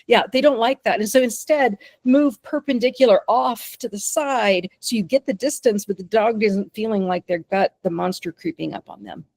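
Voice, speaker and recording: A woman dog trainer teaching a webinar in an animated way. She often checks in with "okay?" and "right?". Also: a little high, normal speed, hardly any pauses, dry recording. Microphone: remote call microphone.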